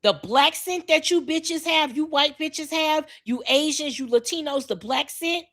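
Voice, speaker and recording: A woman's voice: sits high, measured pace, fairly bright tone. A woman with a Miami accent, co-hosting a podcast in a blunt, profane, emphatic rant. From Miami, Florida. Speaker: podcast co-host.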